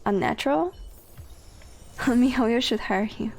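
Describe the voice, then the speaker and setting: Chatty woman streamer, gravelly fry, a bit high, cusses a lot. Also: slow pace, a little mellow, a little hiss or hum. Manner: chatty, swears casually, talks to chat. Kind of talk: casual gameplay commentary.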